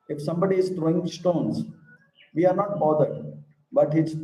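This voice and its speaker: A man teaching scripture as a spiritual teacher, acting out small stories. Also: fairly high pitch. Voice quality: animated storyteller who acts out characters. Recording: echoey room with faint ambience.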